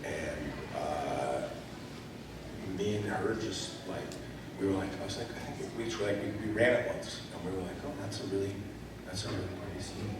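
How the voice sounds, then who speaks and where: The recording is very noisy, picked up from far away in an echoey convention hall. A low-voiced male actor speaks at normal speed on a panel, loosely spinning stories padded with fillers.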